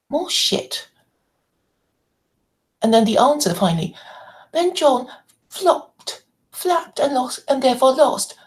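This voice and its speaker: A woman's voice: a little high, big pitch swings, unhurried, vocal fry, pauses often, rough recording. A woman hosting her own channel, delivering an angry, indignant monologue full of swearing. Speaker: channel host. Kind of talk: ranting monologue to camera.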